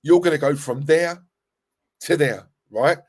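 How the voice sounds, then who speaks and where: Young man, live-stream host, animated rambling chat, fairly high voice. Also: unhurried, slightly rough. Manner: animated, rambling, restarts and laughs, pitch jumping when worked up. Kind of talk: casual live-stream chat reading viewer comments.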